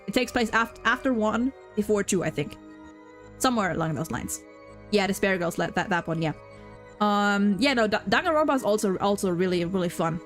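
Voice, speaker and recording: A young woman streamer chatting casually while gaming, rambling with lots of restarts and repeated words. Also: medium pitch. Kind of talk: casual gaming livestream chat.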